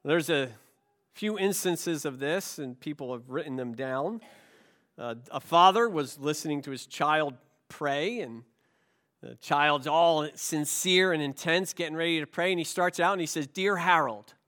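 A man's voice: on the high side, unhurried, a bit bright. A man pastor preaching a sermon in a conversational way, telling anecdotes and asking rhetorical questions, recorded in a church.

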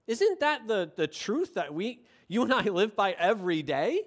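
High-voiced, passionate male preacher. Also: moderate pace. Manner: passionate, swings from quiet to excited. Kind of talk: sermon.

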